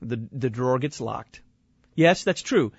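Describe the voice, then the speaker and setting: A man's voice: medium pitch, animated, measured pace, gravelly, slightly rough, no room sound, lo-fi sound. A man from Texas hosting a talk show and critiquing sermons. He speaks bluntly and wryly, often repeating words as he starts a point. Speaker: radio show host.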